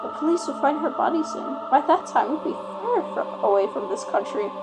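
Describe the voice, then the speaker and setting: A woman's voice: high voice, big pitch swings, a little fast, loud music behind the voice, pitched above the performer's own voice, low-quality recording. A woman voicing an obsessive young woman kidnapper who talks in a sugary, menacing way. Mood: calm. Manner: sugary and menacing, calls him "dear".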